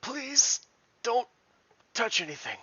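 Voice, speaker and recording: A man voicing a frail old male scholar who hobbles about, speaking slowly and hesitantly. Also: very high-pitched, very animated, sharp tone, slightly rough, dry recording, voice pushed up, heavily acted. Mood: fussy. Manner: slow, hesitant, fussy pleading. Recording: dull lo-fi audio.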